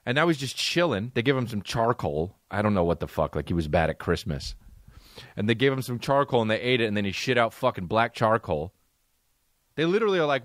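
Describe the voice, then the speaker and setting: Profane animated male comedian storyteller. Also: mid-range voice, brisk, no room sound, clean studio sound. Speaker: comedian podcast host.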